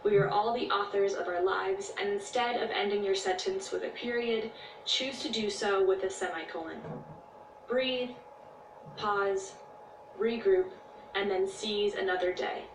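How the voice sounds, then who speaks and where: A woman's voice: medium pitch, unhurried. A woman narrates with earnest encouragement, her voice sitting in a middle register. She sounds distant from the mic in a roomy space with faint noise. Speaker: storyteller. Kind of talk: reflective story narration. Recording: echoey, distant, slight noise.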